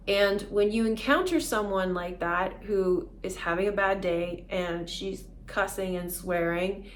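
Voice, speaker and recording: A woman talks straight to her viewers in a relaxed vlog monologue, walking through a self-help idea. She is earnest and often breaks into a light laugh. Her voice sits at an ordinary middle pitch. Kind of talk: casual explanatory monologue.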